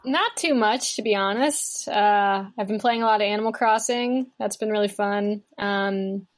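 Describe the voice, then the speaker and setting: A young adult woman chatting as a guest musician, relaxed and rambling, with lots of fillers and restarts over a remote call setup. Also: medium pitch, normal speed. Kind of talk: casual chat.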